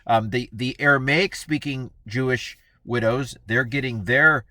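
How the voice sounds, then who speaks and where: A man's voice: medium pitch, steady tone, measured pace, bright, forceful tone, dry recording. A man giving a casual Bible lesson in a chatty, playful way, acting out the people he quotes. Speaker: Bible teacher.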